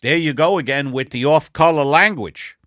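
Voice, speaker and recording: A man voicing Al, a bumbling, apologetic middle-aged husband, in a low mumbling voice in an improvised comedy sketch. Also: normal speed, fairly bright tone, no room sound, studio quality, lightly acted. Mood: sheepish. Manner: low, gravelly, mumbling and sheepish. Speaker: comedy podcast co-host.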